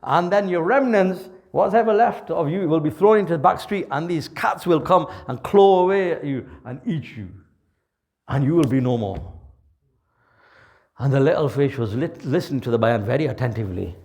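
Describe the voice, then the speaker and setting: A male preacher telling a dramatic parable in a sermon, with lots of vivid detail. His voice is high and swoops widely, and he drops in Urdu and Arabic phrases. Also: lively intonation, moderate pace, gravelly, a little mellow. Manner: mixes Urdu and Arabic words. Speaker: Islamic preacher. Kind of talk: sermon storytelling.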